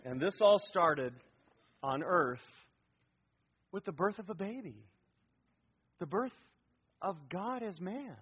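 A man's voice: high-pitched, expressive, takes it slowly, long pauses, slightly rough, lo-fi sound. A male pastor preaching a sermon to a congregation in a church, emphatic and prompting them to fill in words.

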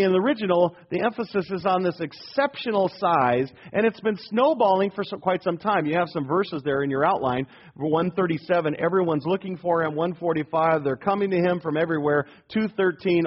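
A high-pitched, slightly husky man preaching a sermon, folksy and emphatic. He keeps firing rhetorical questions and repeating key phrases. The recording is dull and lo-fi. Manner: down-to-earth, calls himself rednecky. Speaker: pastor.

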